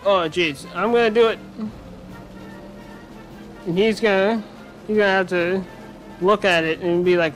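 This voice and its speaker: A man giving let's-play commentary on a video game, with an animated, self-mocking and joking manner. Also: high-pitched, unhurried, pauses often. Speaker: gaming commentator. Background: faint game music.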